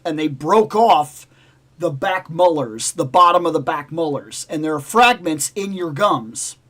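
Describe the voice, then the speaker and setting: A man's voice: a little high, animated, measured pace, fairly bright tone. A man hosting a livestream, telling a rambling personal story in casual chat and acting out the voices in it. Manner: rambling, repeats himself, acts out dialogue. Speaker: livestream host.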